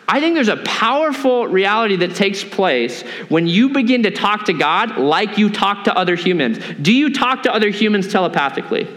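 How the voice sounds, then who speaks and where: A male pastor with a high, lifted voice delivers a conversational sermon, slipping into quick acted asides to make his point. His words ring out with a long reverb from the church hall around him. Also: a bit bright.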